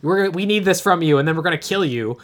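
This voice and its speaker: A man's voice: a little high, expressive, fast, fairly bright tone. Brief: male podcast co-host, loose and rambling, talks through a movie plot. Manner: rambling, many filler "like"s and restarts. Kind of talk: casual chat recapping a movie.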